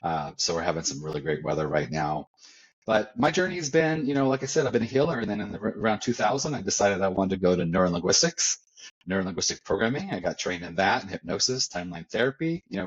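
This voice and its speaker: A man's voice: deep voice, husky, muffled recording. A man from California, a healing coach, answering interview questions in an earnest, reflective, easygoing way.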